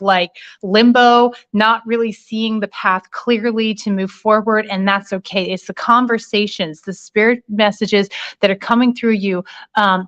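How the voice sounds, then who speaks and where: A middle-aged woman streams a tarot reading from her phone. She talks in an affectionate, rambling way, full of pet names and fillers. Her voice sits at a middle pitch and comes through somewhat dull and lo-fi. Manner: warm, affectionate, chatty with fillers. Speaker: spiritual reader.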